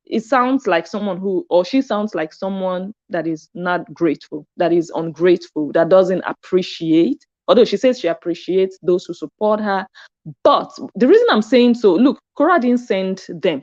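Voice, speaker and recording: A woman's voice: medium pitch, a little mellow, dull audio. Chatty woman commenting on gossip. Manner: chatty and reflective, with frequent "hmm" reactions. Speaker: commentary vlogger. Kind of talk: casual commentary.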